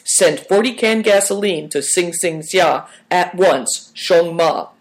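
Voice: mid-range voice, takes it slowly, pitched above the performer's own voice. A storybook reader voicing a confident, curious boy who asks probing questions.

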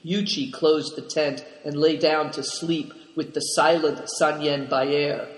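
A man's voice: on the high side, steady tone, unhurried. A man reading a story aloud as a narrator, voicing the characters' lines with mild shifts in tone. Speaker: audiobook narrator. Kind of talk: scripted narration. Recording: roomy with long reverb.

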